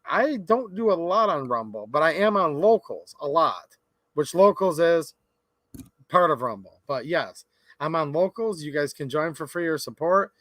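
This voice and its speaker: A chatty, upbeat man hosts a livestream, greeting viewers by name with a fairly high voice. He talks close to the mic in a dry, dead room. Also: animated, moderate pace, a bit bright, no room sound. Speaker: livestream host.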